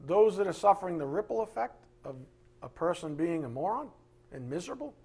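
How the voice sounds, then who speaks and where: Middle-aged preacher guy, husky and kinda high, fires off questions loud then drops quiet. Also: very animated, a little fast. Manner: emphatic, rhetorical questions, swings from loud to hushed. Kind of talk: sermon.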